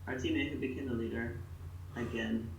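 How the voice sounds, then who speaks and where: A man interprets a speech in a measured, halting way. He sits far from the microphone in an echoey space. Steady noise hangs under the old recording. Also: medium pitch. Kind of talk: simultaneous interpretation. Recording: echoey, distant, noisy archival recording.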